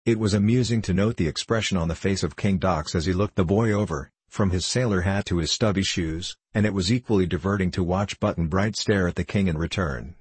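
A man narrating a children's storybook in a steady audiobook reading. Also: low-pitched, brisk, hardly any pauses, husky, no echo.

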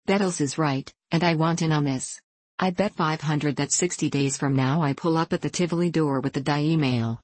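A swaggering male gold prospector from the frontier , put on by a woman narrator, all boast and rough backwoods grammar. The voice sits low. The reading is dry and close, with no room sound. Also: normal speed, a little mellow, no echo. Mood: bold.

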